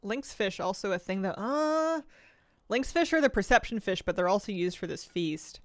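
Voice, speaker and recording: A woman's voice: medium pitch, animated, moderate pace, no echo. A woman from the United States streaming from home, chatting casually and thinking aloud while she eats and plays a game. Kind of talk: casual live-stream gaming chat.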